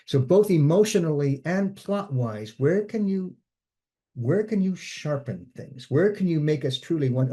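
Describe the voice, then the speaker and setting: A man with a mellow, dark-toned voice leads a relaxed writing workshop. He talks in a conversational way, thinking aloud and circling back as he explains screenwriting ideas. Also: a little high, measured pace, slightly rough. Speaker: screenwriting instructor. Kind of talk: informal writing workshop talk.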